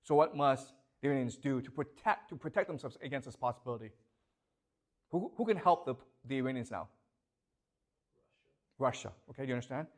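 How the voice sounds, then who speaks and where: A man's voice: mid-range voice, expressive, brisk, pauses often. A male professor giving a classroom lecture, emphatic and questioning, who keeps checking in with the class.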